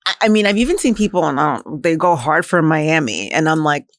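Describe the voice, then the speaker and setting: A woman's voice: low-pitched, lively intonation, a little fast, no room sound, clean studio sound. A woman from Queens with a New York accent, co-hosting a podcast in chatty, agreeable casual conversation. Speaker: podcast co-host. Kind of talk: casual chat.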